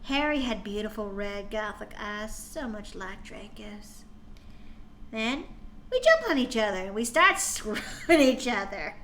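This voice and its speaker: A woman's voice: medium pitch, sing-song, a little slow, fairly bright tone, a little hiss or hum. A woman streamer reading a story aloud for laughs, with exasperated, mocking asides. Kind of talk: comedic dramatic reading with commentary.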